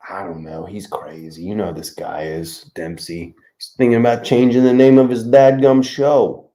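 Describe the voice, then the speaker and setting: A man putting on a gruff, grumbling character with a Brooklyn accent. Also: lowish voice, flat delivery, normal speed, mellow, echoey room, natural voice.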